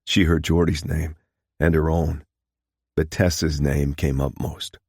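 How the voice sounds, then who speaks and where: Man, audiobook narrator, steady storytelling, husky, dry close recording. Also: extremely low pitch, takes it slowly, dry recording.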